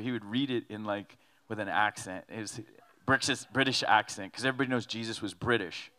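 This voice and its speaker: A man preaching a sermon in an animated, joking way, acting out quotes as he goes. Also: mid-range voice, quick pace. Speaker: pastor.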